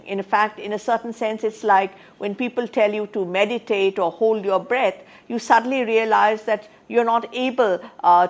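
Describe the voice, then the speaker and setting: A woman lecturing on sociology in a measured academic style, with frequent "uh" fillers and restarts. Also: a little high.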